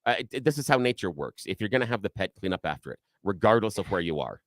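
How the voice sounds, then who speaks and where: Animated man telling a story on talk radio. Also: lowish voice, fast, dry recording, clean studio sound. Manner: animated storyteller, acts out shouting quotes. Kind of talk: casual talk radio chat.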